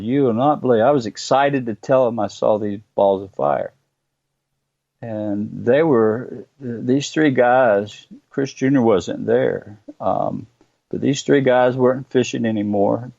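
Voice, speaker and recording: A middle-aged man, telling his own story as a guest in earnest, halting bursts with many pauses. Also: lowish voice, gravelly, darkish tone, no echo, highs cut off. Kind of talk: personal storytelling interview.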